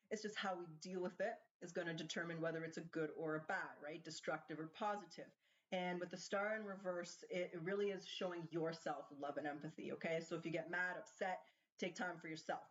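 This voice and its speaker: A woman doing a casual tarot card reading, chatting and thinking aloud as she asks the cards questions. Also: fairly low pitch. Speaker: tarot reader. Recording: slightly dull lo-fi sound.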